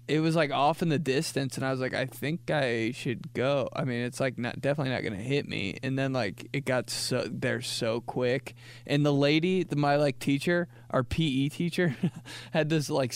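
A podcast host in his late twenties riffs casually through a comedic monologue, rambling with lots of filler words and restarts. His voice is mid-range with a clean tone.

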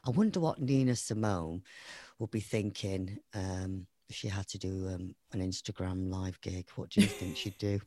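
A man's voice: low-pitched, normal speed, dark tone, no room sound. A man hosting an interview, effusive and exclamatory, gushing over his guest and swearing casually. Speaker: podcast host.

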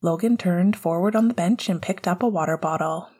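A woman narrating an audiobook chapter in a calm, even storytelling manner. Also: lowish voice, brisk, slightly rough. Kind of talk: audiobook narration of fan fiction.

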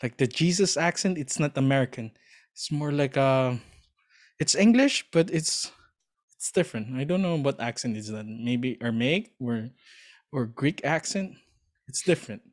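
A man in casual chat, telling a story earnestly and with enthusiasm, often pausing to search for words. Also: mid-range voice, animated.

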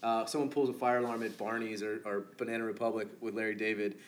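A man's voice: on the low side, level tone, fast talker, slight background noise. Laid-back man chatting about movies. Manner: loose, swears, laughs often. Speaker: podcast co-host. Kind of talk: casual movie chat.

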